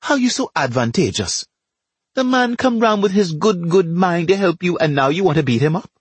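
A man voicing a frantic, fussing wife who wails and pleads in a high, shrill voice. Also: lively intonation, unhurried, a little mellow, breathy edge, no echo. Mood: pleading.

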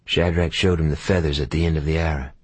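A man narrating an audiobook in a measured, unhurried storytelling manner. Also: a bass voice, steady tone, husky, no room sound.

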